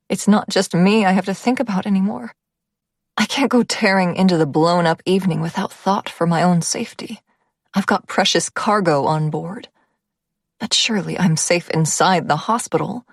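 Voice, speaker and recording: Low, dry-voiced woman narrating a story. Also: moderate pace, vocal fry, no echo. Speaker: audiobook narrator. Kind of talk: first-person romance audiobook narration.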